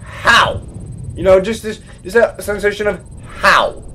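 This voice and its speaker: A young man doing live gameplay commentary, swinging from mumbling to profane, mock-dramatic yelling. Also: sits high, measured pace, a little hiss or hum.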